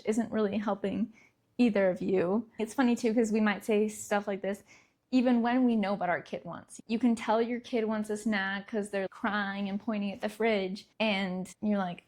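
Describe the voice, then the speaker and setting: On her solo parenting podcast, a young adult woman talks casually, laughing lightly in the middle of sentences. She has a mid-range, slightly mellow voice with fairly even intonation and a normal speed.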